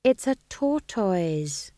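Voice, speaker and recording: A woman's voice: mid-range voice, very animated, drawn-out words, mellow, no echo, studio quality, pitched above the performer's own voice. A woman voicing a young, earnest witch who sounds fretful, defensive and pleading.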